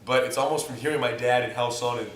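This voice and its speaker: A man's voice: medium pitch, fast talker, a little hiss or hum. A man from the United States, a jiu-jitsu instructor, chatting casually and acting out scenarios with jokes. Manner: animated, jokey, acts out scenarios. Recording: echoey room, mic at a distance.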